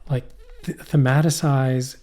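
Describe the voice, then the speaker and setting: A man's voice: mid-range voice, steady tone, a little slow, darkish tone. A middle-aged man co-hosting a podcast in casual chat, rambling and profane, often trailing off and restarting. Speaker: podcast co-host. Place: poorly heated shack.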